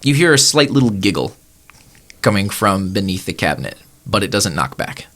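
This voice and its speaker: A man's voice: low-pitched, very animated, normal speed, a bit bright. A man narrating as game master of a tabletop game, laid-back and full of fillers.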